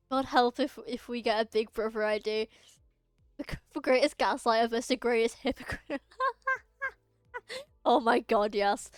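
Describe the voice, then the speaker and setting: A woman's voice: fairly high pitch, normal speed, fairly bright tone, no echo, soft background music. A young woman streaming a game, chatting casually with her viewers. She rambles and restarts her sentences often. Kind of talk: casual live-stream chat.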